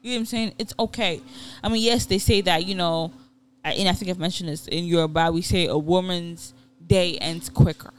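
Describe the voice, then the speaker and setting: A woman co-hosting a casual celebrity gossip chat, talking in an animated, emphatic way with plenty of asides. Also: lowish voice, a little fast, a little hiss or hum. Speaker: podcast co-host.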